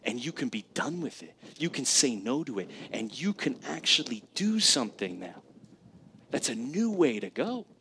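A man's voice: mid-range voice, big pitch swings, moderate pace, sharp tone, a little hiss or hum. A man in his thirties preaching a sermon in church, conversational and emphatic, often asking the congregation questions. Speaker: pastor. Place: church sanctuary.

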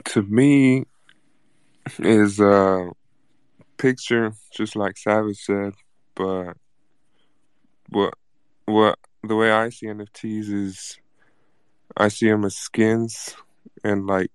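A man speaking as a guest in a casual chat, calm and plain-spoken. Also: on the low side, slow pace, long pauses, clear, resonant tone, no echo.

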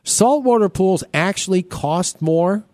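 A man's voice: sits high, lively intonation, slow, darkish tone, no echo, clean studio sound. A man hosting a home-repair radio show, talking casually, repeating himself and cracking jokes. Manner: chatty, repeats himself, joking.

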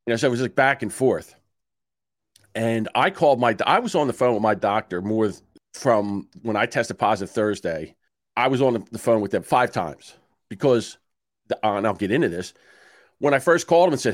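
A man in his sixties co-hosts a casual podcast chat and tells his stories with a lively, swooping pitch. He swears and plays out both sides of his phone calls. The sound is dry and close on a studio mic. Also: fairly quick, no room sound. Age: 60s. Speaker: podcast co-host.

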